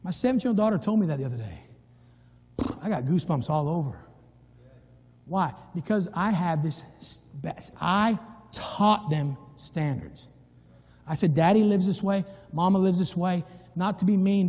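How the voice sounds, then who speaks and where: A middle-aged man preaching a sermon as pastor, swinging from hushed low passages to loud, high-pitched emphasis. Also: moderate pace, breathy edge. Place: church sanctuary. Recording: long reverb from a church hall.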